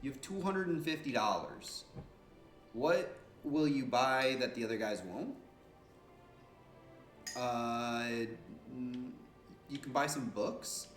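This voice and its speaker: A man's voice: mid-range voice, slow pace, long pauses, reverberant, faint music behind. A man giving casual, joking, slangy gameplay commentary as a streamer. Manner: animated, joking, slangy and profane.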